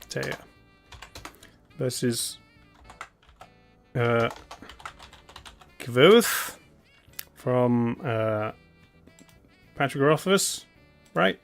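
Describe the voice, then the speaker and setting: A man talks unhurriedly in a middle-pitched voice while hosting a live stream. He stays relaxed and chatty, chuckles now and then and hums to fill the pauses. Soft music plays faintly behind him, along with keyboard clicks. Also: creaky. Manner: laid-back, chuckling, hums idly while waiting. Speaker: streamer host. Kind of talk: casual live-stream commentary.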